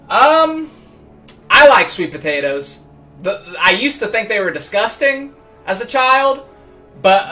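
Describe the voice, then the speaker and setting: Male streamer, high bright voice, rambling casual chat, stammers on repeats, faint music bed. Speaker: livestream host.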